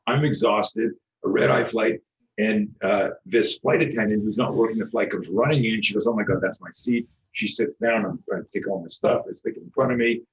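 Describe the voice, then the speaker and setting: A middle-aged man with a low voice tells a story with animated energy. He acts out both sides of a conversation and restarts his sentences often. He talks as a self-defense instructor who is a guest on the show. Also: fairly quick, a little hiss or hum, rough recording. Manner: animated, acts out quoted dialogue, frequent restarts, swears.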